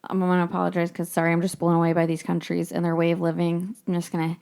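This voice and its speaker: A woman's voice: lowish voice, completely flat delivery, quick pace, vocal fry, darkish tone, clean tone. A young woman hosting her own podcast from home, chatting casually and rambling, with frequent laughs and casual swearing. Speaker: podcast host. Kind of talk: casual solo podcast chat.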